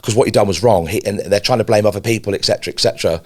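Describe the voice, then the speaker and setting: Brief: man, fast, animated storytelling, cursing, lower-pitched voice. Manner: animated storyteller, swears freely, repeats words when worked up. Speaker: podcast co-host. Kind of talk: casual business podcast chat.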